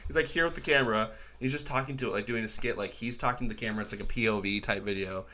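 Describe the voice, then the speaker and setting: A man's voice: lowish voice, very fast, sharp tone, a little hiss or hum. A man co-hosting a casual podcast chat, rambling and laughing often as he talks. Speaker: podcast co-host.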